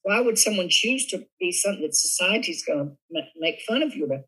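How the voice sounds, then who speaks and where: Guest: older Southern man, bright and husky tone, animated storyteller. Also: high voice, fast, low-quality recording. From Southern United States. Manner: lively storyteller, animated, laughs often. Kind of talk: casual storytelling interview.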